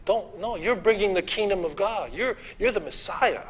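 A man voicing an anxious male disciple who pleads and protests, in a higher, husky voice. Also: expressive, normal speed. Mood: pleading.

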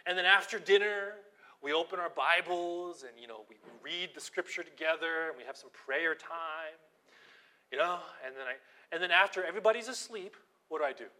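A pastor, a man, preaching a storytelling sermon, acting out scenes and dropping to a hushed prayerful voice. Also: a little high, moderate pace. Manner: animated storytelling, acting out quotes, drops to quiet prayerful tones.

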